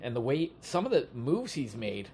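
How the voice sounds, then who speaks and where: A man in casual podcast talk, voice sitting in the middle range. He tells stories with animated asides and laughs. A faint noise floor runs under the recording. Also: medium pitch, normal speed. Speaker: podcast co-host. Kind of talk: casual chat.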